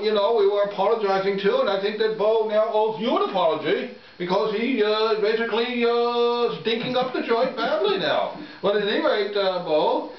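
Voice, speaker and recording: Man, high voice, playful halting co-host, heard from a distance in a roomy space. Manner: hesitant, many fillers and restarts, playful. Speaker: co-host of a sports picks show. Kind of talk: casual joking chat. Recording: roomy, distant, dull home recording.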